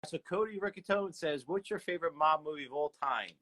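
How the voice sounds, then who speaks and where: A man from South Philadelphia hosts a casual interview, reading viewer questions aloud in a friendly, talkative way and jumping in quickly. His voice is a little high with a fairly bright tone.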